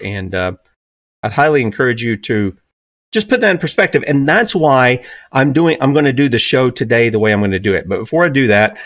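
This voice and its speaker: A Southern man in his fifties hosts talk radio with emphatic, rhetorical delivery, his voice leaping up when he drives a point home. He sits at a mid-pitched register on a dry, close studio mic with no room sound. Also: no room sound. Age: 50s. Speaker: radio talk show host. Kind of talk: opinionated talk radio commentary.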